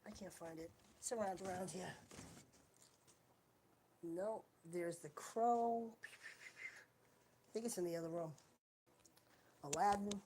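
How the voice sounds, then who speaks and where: A woman's voice: on the low side, slow, long pauses, warm tone, slight background noise. A woman chatting casually on a home live stream, rambling and wandering between thoughts while she searches around for things. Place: at home, indoors.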